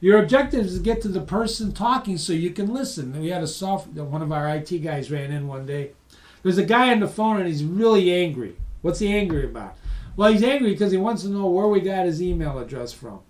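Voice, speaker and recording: A middle-aged man presenting a business course in a lively, conversational way, acting out phone calls. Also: high-pitched, normal speed, poor audio. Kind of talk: lecture for professionals.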